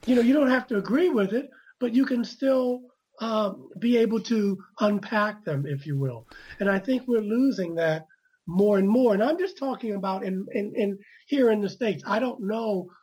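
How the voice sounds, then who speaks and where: A woman's voice: medium pitch, moderate pace, mellow, slightly rough, rough recording. A woman author as an interview guest, earnest and reflective, often stammering on her first words. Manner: earnest, repetitive stammering starts. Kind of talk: conversational interview.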